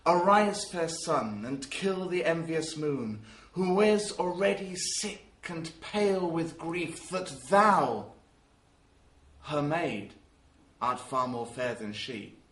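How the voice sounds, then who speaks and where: A man voicing an awestruck young man in love, in a soft, slow, lingering delivery. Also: on the high side, echoey room. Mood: tender.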